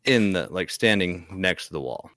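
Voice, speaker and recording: A man's voice: sits low, expressive, normal speed, sharp tone, no room sound, studio quality. A young man casually telling a ghost story on a podcast, rambling and restarting often. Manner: rambling, hesitant, many restarts. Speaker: podcast guest.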